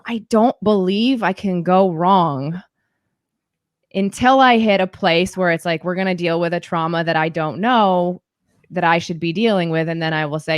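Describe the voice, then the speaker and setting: A woman's voice: fairly low pitch, moderate pace, dry recording, studio quality. A woman coach in casual podcast conversation, reflective and explaining her approach.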